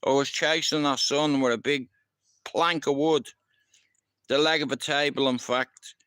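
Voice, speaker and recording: Unhurried and steady, this middle-aged man from Ireland hosts a livestream, casually telling rambling tales of his past, cursing freely and frequently making sure he's understood. His medium-pitched voice is clean and a bit bright.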